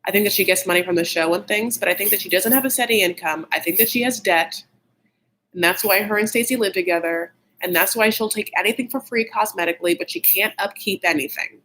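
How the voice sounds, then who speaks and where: A man's voice: fast talker, bright, forceful tone, slight background noise, rough recording. A man hosting a casual, gossipy recap of a TV show, blunt and opinionated, saying "like" constantly. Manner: catty, blunt and opinionated, heavy use of "like"; shifts pitch often when worked up.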